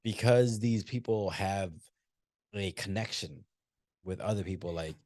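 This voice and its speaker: A man's voice: sits low, a little slow, darkish tone, dry recording, clean studio sound. A man co-hosting a movie podcast, talking loosely and profanely, teasing his co-host. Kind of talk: casual chat.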